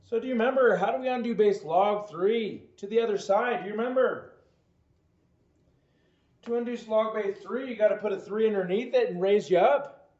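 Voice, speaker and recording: A man's voice: high-pitched, normal speed, a little mellow. A man teaching a math homework lesson, walking through problems step by step, quizzing the listener and adding playful jokes. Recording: echoey, dull lo-fi recording.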